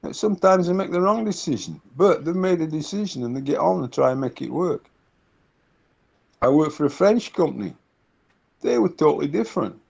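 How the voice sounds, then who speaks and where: A man's voice: fairly high pitch, expressive, brisk, gravelly, a little mellow, slightly rough. A middle-aged man, a consultant, talking casually in an interview, telling anecdotes and often repeating words as he searches for them. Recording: dull lo-fi recording.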